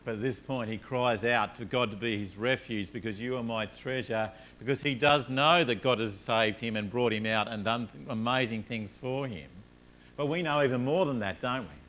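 A man preaching a sermon, telling everyday stories with rising energy, then dropping low and soft to make his points. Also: moderate pace, slight background noise. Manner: earnest, rises animatedly in stories, drops low and soft on points. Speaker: pastor.

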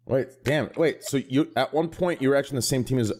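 A man's voice: medium pitch, quick pace, darkish tone. A man hosting a casual podcast, introducing guests with rambling jokes. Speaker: podcast host.

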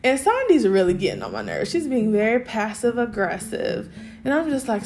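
A young adult woman hosting a podcast, recapping a TV episode in a casual, animated way, swearing freely and laughing as she talks. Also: fairly high pitch, moderate pace. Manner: animated, profane, laughing storyteller. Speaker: podcast host.

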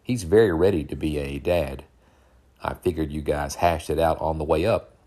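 A man with a very deep, husky voice voicing a playful young woman on a first date, in a lightly raised, teasing tone. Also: moderate pace, mellow. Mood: earnest.

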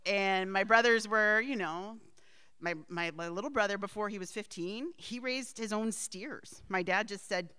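A woman's voice: mid-range voice, unhurried, bright, forceful tone, clear, resonant tone, no room sound. A middle-aged woman telling a personal family story in a rambling way, with asides and frequent laughs.

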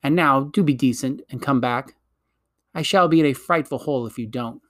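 A man's voice: mid-range voice, normal speed, natural voice. Man doing a flustered pleading English boy.

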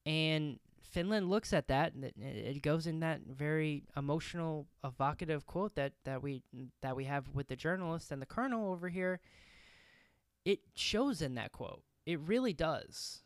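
A man's voice: a little high, lively intonation, normal speed, clear, resonant tone, dry recording, studio quality. A man narrating history in a casual podcast style, with conversational, reflective asides and the odd filler.

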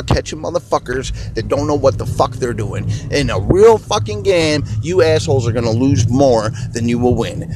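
A man rants and swears his way through a rambling podcast monologue from behind the wheel of a car. His voice sits at an ordinary pitch, and faint road noise runs underneath. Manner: angry, swearing, rambling rant. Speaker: podcast host. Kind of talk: profane ranting monologue. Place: car, driving.

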